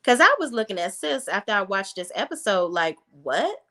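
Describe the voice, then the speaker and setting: A woman's voice: medium pitch, animated, fairly quick, fairly bright tone. Blunt, sassy woman recapping reality TV. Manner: blunt, sassy, talks straight to viewers. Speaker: reality TV review host. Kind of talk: casual recap commentary.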